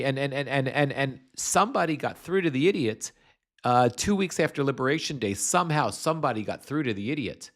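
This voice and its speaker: A man's voice: medium pitch, animated, brisk. A man from the United States hosting a political commentary livestream, rambling and blunt, with lots of swearing. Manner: rambling, blunt and heavily profane. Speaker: host.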